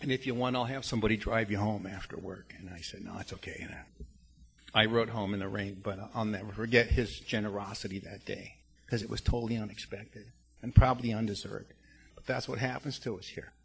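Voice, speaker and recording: A man's voice: on the low side, fairly even intonation, a little fast, creaky, a little hiss or hum. A man in his fifties telling his recovery story to a support group, rambling with restarts and fillers. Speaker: recovery meeting speaker. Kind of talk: personal testimony to a recovery group.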